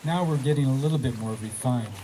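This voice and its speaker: A man hosting a community graduation gathering, talking loosely with many pauses and fillers. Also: medium pitch, mellow, a little hiss or hum, rough recording. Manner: hesitant, many fillers, offhand. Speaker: event host. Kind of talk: casual emcee talk.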